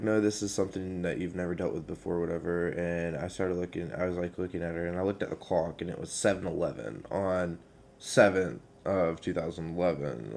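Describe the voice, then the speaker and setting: A young man, telling a personal story in a casual vlog, hesitant and halting with many fillers. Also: deep voice, creaky, a little mellow, a little hiss or hum. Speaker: vlogger.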